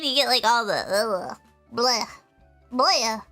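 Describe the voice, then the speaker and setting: Bright, lively young woman streamer with a giggly, animated voice. Faint music plays behind her. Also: fairly high pitch, a little slow. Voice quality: giggly, bubbly. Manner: animated, playful, often breaking into laughter. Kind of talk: casual chat reading viewer comments.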